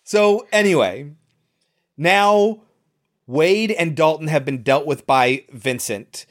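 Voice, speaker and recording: A co-host walks step by step through the plot of a horror film in casual chat. The voice sits in the middle range. The delivery stays steady, with dry asides dropped in along the way. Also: medium pitch, takes it slowly. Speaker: podcast co-host.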